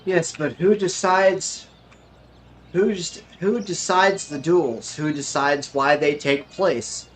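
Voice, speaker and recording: A man's voice: fairly high pitch, takes it slowly, faint music behind. Rambling man hosting a game stream. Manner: rambling, thinks aloud with fillers. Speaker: streamer host. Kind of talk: casual chat while playing.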